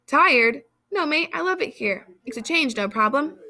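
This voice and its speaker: A woman reading aloud, voicing a brash, impatient young male strongman who shouts and uses casual slang. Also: high voice, lively intonation, normal speed, voice pushed up, full character voice. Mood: cocky.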